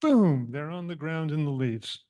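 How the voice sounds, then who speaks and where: A man giving a sermon as minister, telling a parable in an animated, humorous and reflective way. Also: on the high side, measured pace. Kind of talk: storytelling sermon.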